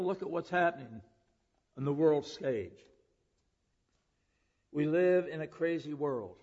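A man's voice: medium pitch, expressive, moderate pace, pauses often, darkish tone, husky. A man preaching a sermon, earnest, who often asks the listeners questions. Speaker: preacher and public school teacher. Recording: dull lo-fi sound with long hall reverb.

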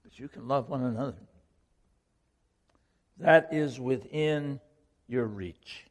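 A man's voice: medium pitch, takes it slowly, long reverb tail. A man preaching a sermon to a congregation, earnest and questioning, repeating key lines for emphasis. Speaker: pastor.

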